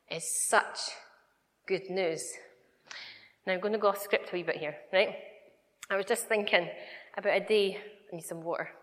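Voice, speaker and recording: A woman preaching a sermon, conversational and emphatic, moving between quiet asides and loud declarations. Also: mid-range voice. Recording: long hall reverb.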